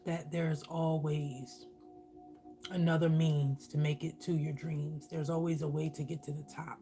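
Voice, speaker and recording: A woman's voice: deep voice, little pitch movement, a little slow, mellow, a little hiss or hum. A woman giving a channeled spiritual reading while eating on camera, casual, profane and blunt. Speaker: spiritual reader.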